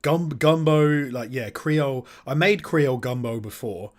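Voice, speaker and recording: A man's voice: medium pitch, measured pace. A man from the UK co-hosting a podcast in casual chat, talkative and full of questions. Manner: chatty, asks lots of questions. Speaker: podcast co-host.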